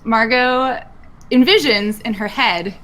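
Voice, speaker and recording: A woman's voice: a little high, slow, fairly bright tone. A woman playing a tabletop role-playing game, giggly and dithering as she describes her character's actions. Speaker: player.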